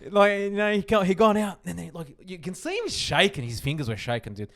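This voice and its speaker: A young man, telling a story on a podcast in an animated, swearing way. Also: sits high, a little fast. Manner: animated, swearing, laughing often. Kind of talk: casual chat.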